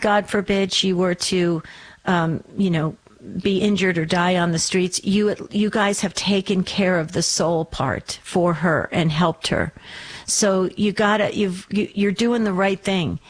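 A woman's voice: mid-range voice, fairly even intonation, poor audio. Woman hosting a catholic call-in show, reassuring, keeps restarting her sentences. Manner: warm-hearted, reassuring, talks in quick restarts. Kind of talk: radio call-in show, praying with callers.

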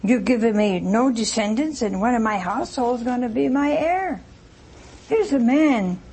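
A woman preaching a sermon, retelling a story with lively asides to her congregation. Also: fairly high pitch, normal speed, breathy edge.

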